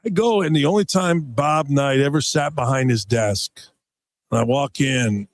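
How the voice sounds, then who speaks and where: Excitable man in his sixties telling stories. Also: mid-range voice, moderate pace, no echo. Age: 60s. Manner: excitable, rambling, repeats words. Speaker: guest, former player and radio host. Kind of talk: animated sports radio storytelling. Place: radio row booth at a big game.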